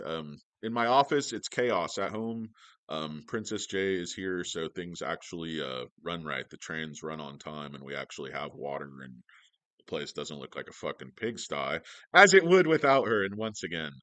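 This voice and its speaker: A man's voice: deep voice, a bit bright, no echo. A man hosting a casual stock livestream from his home office, rambling and joking sarcastically with many fillers.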